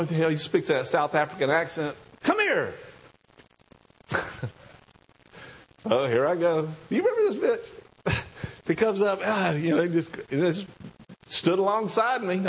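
A man preaching a sermon, telling a story with excited high bursts and hushed low asides. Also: slightly rough, rough recording. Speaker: pastor.

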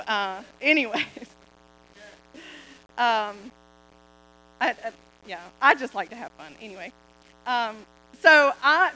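A woman speaking at church in a chatty, relaxed way with many fillers, reflecting on scripture. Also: fairly high pitch, rough recording. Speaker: co-pastor, preacher's wife. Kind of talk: casual sermon talk.

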